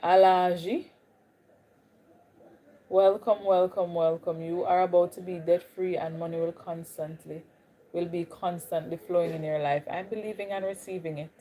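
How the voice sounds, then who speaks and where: A Jamaican woman with a Jamaican accent hosts a livestream, chatting casually and greeting viewers by name. Her voice is fairly low and dark in tone, with fairly even intonation and a brisk pace.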